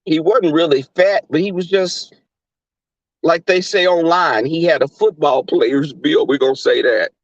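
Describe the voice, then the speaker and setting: A man's voice: on the high side, measured pace, no room sound, lo-fi sound. A man with a Southern US accent hosting a livestream, chatting with viewers in a brash, profane, camp manner. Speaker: livestream host. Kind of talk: casual chat with live viewers.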